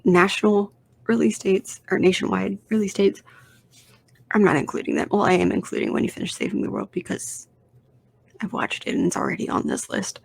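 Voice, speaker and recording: A woman's voice: medium pitch, creaky, a little mellow, a little hiss or hum. A woman hosting her own podcast, talking casually and rambling with lots of fillers, restarts and self-deprecating asides. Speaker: podcast host. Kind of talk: casual solo podcast talk.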